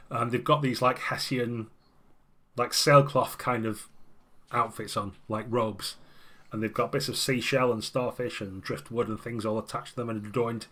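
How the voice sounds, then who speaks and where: A man's voice: mid-range voice, bright, forceful tone. A man narrating a tabletop game as game master, in a casual, descriptive way.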